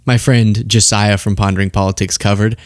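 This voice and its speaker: A young man hosting a political commentary show, talking straight to camera in an exasperated, animated way and often laughing mid-rant. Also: lowish voice, fairly quick, no echo.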